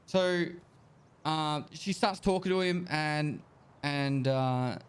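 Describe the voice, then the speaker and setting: A man's voice: a little high, slow pace, clear, resonant tone. A man casually telling a joke to friends during a game, full of fillers. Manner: loose, filler-heavy storytelling.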